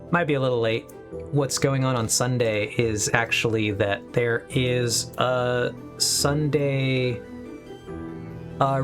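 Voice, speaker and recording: A young adult streamer talks casually to viewers in a loose, rambling way, breaking into upbeat asides. Faint music plays softly under the voice. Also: medium pitch. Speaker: live streamer. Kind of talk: casual live-stream chat.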